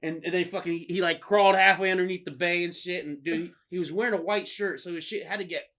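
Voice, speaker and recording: A man casually telling stories on a podcast, swearing freely, laughing and acting out quotes loudly. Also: high voice, fairly even intonation, fast talker. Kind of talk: casual storytelling chat.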